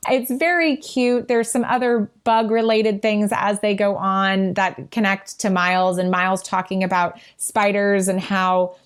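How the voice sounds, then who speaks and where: A woman's voice: medium pitch, fairly even intonation, smooth. A woman co-hosts a casual book podcast in a mid-range voice. She talks things through in an earnest, thoughtful way, restarting a phrase now and then as she gathers her thoughts. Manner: thoughtful, earnest, measured commentary with small restarts. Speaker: podcast co-host. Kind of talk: casual book-discussion chat.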